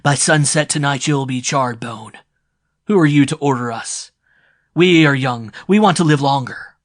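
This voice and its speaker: A man's voice: mid-range voice, measured pace, slightly rough, dry recording, clean studio sound. A man playing a cocky young warrior. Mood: aggressive. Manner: sharp, insistent. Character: young male warrior, cocky, grinning and pushy.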